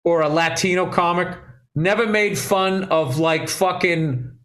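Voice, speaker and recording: Male comic co-host, high-pitched, swears freely, tells loose stories with laughs mixed in. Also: measured pace, a bit bright. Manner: profane, laughing storyteller. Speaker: comedian podcast co-host. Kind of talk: casual podcast chat.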